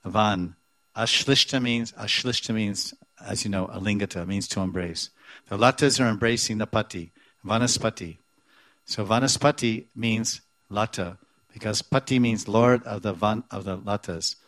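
A man's voice: lowish voice, moderate pace, a bit bright, dry recording. A man giving a devotional scripture class who repeats words and chants verses, then explains them. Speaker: spiritual teacher.

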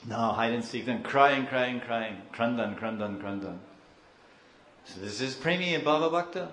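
A man giving a slow, emotive devotional sermon, acting out crying devotees. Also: mid-range voice, fairly bright tone, echoey room, slight background noise. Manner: slow, emotive, acts out crying devotees and mixes in Hindi and Sanskrit terms. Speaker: spiritual teacher.

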